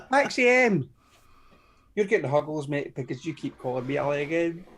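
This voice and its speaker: A woman's voice: fairly low pitch, slight background noise. A woman co-hosting a live stream in casual, laughing chat, greeting viewers by name and swearing freely. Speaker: co-host.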